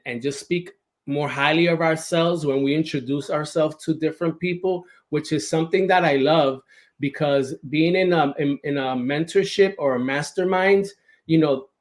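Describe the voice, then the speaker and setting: A man hosting a podcast interview in a casual, enthusiastic way, often checking in with "right?". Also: on the high side. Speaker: podcast host.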